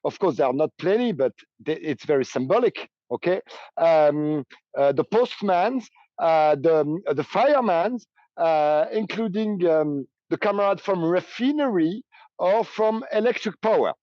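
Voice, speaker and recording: A man with a French accent speaks English haltingly, pausing often to search for words. His voice sits fairly high for a man. He is heard over a dull, muffled remote call line with little room sound. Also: expressive, no echo. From France. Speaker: union leader and train operator. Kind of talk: interview answers.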